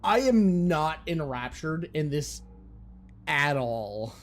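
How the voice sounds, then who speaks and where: A man's voice: fairly high pitch, very animated, slow pace. A man streaming a game, ranting with profane exasperation in casual commentary.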